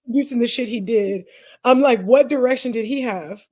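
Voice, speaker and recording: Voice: medium pitch, normal speed, warm tone. A podcast co-host chatting casually, blunt and outspoken with strong opinions. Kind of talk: casual chat.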